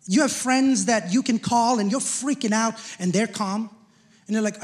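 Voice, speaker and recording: A man preaching a sermon as pastor, animated and rising to shouts, often asking the congregation questions. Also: very high voice, fairly quick.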